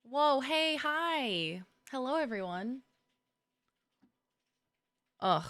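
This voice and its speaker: A woman's voice: sits high, big pitch swings, very slow, fairly bright tone, no echo, clean studio sound. A young woman streaming a game, chatting casually with viewers, greeting them by name and laughing often. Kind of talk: casual live-stream chat.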